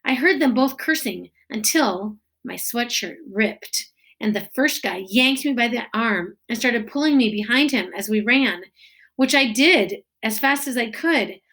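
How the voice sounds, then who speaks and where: A woman teacher reading a children's novel aloud with expressive storytelling. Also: fairly high pitch.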